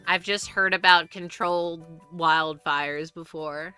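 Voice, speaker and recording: A woman's voice: lowish voice, steady tone, slow pace, pushed and bright, smooth, soft background music. A young woman streaming live, chatting casually and rambling with frequent restarts and free swearing.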